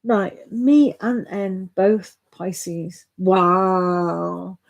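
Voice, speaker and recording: A woman's voice: on the low side, fairly even intonation, extremely slow, vocal fry, rough recording. A middle-aged woman hosting a live tarot stream, chatting casually and greeting viewers by name with frequent laughs.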